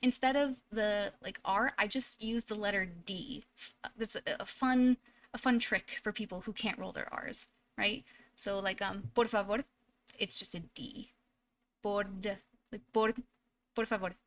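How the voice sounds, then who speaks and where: A woman's voice: mid-range voice, a little slow, fairly bright tone, a little hiss or hum. A woman live streamer from home, chatting casually with viewers in a chatty way full of fillers and restarts.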